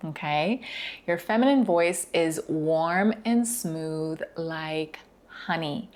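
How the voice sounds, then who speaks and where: A young woman coaching viewers in a video lesson, speaking slowly and deliberately and enunciating each word. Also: deep voice. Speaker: dating and confidence coach.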